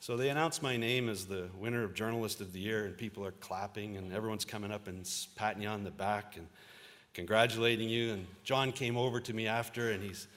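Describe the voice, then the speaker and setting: A man's voice: lowish voice, fairly even intonation, fairly quick, a bit bright, big-room sound. A man in his fifties, a journalist giving a convocation speech and telling anecdotes with a few fillers. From Ontario, Canada. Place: large auditorium.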